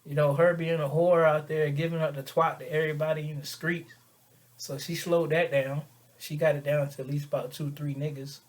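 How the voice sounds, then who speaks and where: A man's voice: a little high, brisk. Slangy young man rambling through a story. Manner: slangy, rambling, animated retelling. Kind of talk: casual storytelling.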